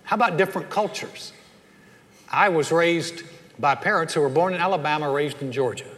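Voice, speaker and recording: A middle-aged pastor from the Southern United States delivers a sermon packed with stories, animatedly acting out the voices of the people in them. His voice is fairly high and moves at a normal speed. The church sanctuary gives it a long hall reverb.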